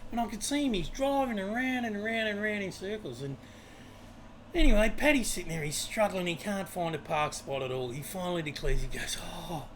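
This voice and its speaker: An Australian co-host with a slightly higher-pitched voice, chatting casually and cracking jokes. He talks easily and tells stories with relish. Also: expressive, fairly quick, slight background noise. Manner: jokey, chatty storyteller. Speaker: podcast co-host. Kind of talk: casual chat.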